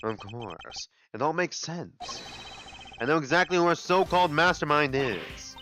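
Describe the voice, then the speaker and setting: A composed male prosecutor lays out his reasoning in a measured, serious tone, voiced by a man. The voice sits lower than usual but stays bright, with faint music beneath. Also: lively intonation. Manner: measured, deliberate, low and serious.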